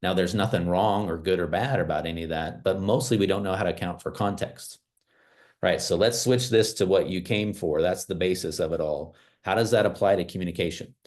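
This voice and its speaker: A man with a very low, deep voice gives a motivational talk over a video call. He speaks in an animated, emphatic way, leaning on casual fillers as he goes. He grew up in small-town America. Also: fairly quick. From small-town United States.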